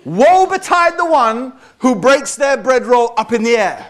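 A man's voice: extremely high pitch, animated, unhurried. A man giving a public talk to a live audience, conversational and wry, often checking in with "okay?" and "right?". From Britain. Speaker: speaker addressing an audience.

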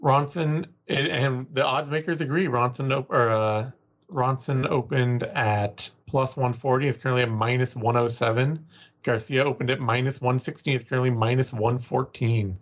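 A man's voice: mid-range voice, steady tone, moderate pace. A man co-hosting a podcast, breaking down fighters and odds analytically, with lots of fillers. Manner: analytical, full of "you know" fillers. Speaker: podcast co-host. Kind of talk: casual fight-analysis chat. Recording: dull lo-fi sound.

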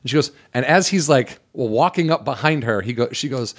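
Male podcast co-host, animated storyteller, mid-pitched voice, casual and profane. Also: brisk. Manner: animated storyteller, swears freely, acts out quotes. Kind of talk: casual chat.

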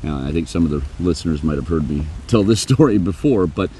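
Deep-voiced storytelling man, dark tone. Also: fast talker, a little hiss or hum. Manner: lively storyteller, laughs, acts out quotes. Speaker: podcast host. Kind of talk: casual conversation, storytelling.

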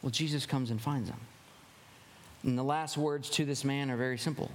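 Conversational preacher in a reverberant hall. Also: male voice, mid-range voice, normal speed, a little hiss or hum. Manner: conversational, animated, with wry asides. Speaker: pastor. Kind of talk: sermon.

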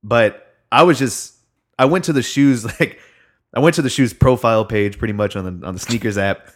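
A man's voice: medium pitch, moderate pace. A young man in casual chat, telling a long rambling story with lots of fillers and swearing.

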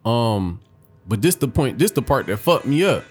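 A man's voice: medium pitch, big pitch swings, moderate pace, breathy edge. A man telling a story on a casual podcast, laughing and swearing freely. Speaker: podcast co-host.

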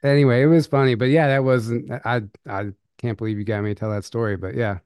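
A young adult man co-hosting a podcast tells a personal story in casual conversation, halting, restarting and laughing nervously. His mid-range voice is fairly even in intonation, a little mellow, clear and resonant, recorded at studio quality with no echo.

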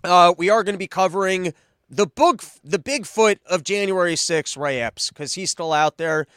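A man's voice: sits high, lively intonation, moderate pace, a bit bright, smooth, no echo. A man hosting a podcast, giving rambling, mocking political commentary full of sarcastic asides. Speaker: podcast host.

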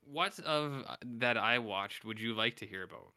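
Bright-voiced man rambling about horror films. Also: fairly low pitch, normal speed, no room sound, clean studio sound. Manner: rambling, acts out quotes in flat mumbles. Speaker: podcast co-host.

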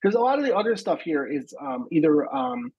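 A man's voice: sits high, sing-song, brisk, husky, highs cut off. A man co-hosting a podcast in casual chat, offhand and full of fillers as he reads out news items.

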